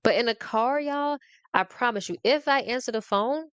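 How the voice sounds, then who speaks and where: A woman's voice: fairly high pitch, moderate pace, fairly bright tone, smooth, dry recording. A woman hosting her own show, ranting in a casual, sassy and playful way, laughing often as she talks straight to her audience. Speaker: podcast host. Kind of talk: casual comedic rant to the audience.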